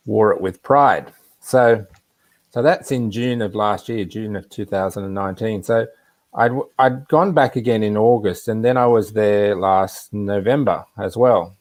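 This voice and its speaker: A man's voice: lowish voice, darkish tone. A man casually telling a personal anecdote on a live video chat, rambling with asides. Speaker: regular guest.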